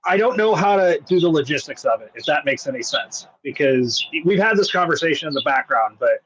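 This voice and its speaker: A man's voice: on the high side, expressive, brisk, fairly bright tone. A man calling in to a podcast, wry and confident, a bit hesitant when asking his question. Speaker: caller. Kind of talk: live call-in question. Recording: dull remote line, faint noise.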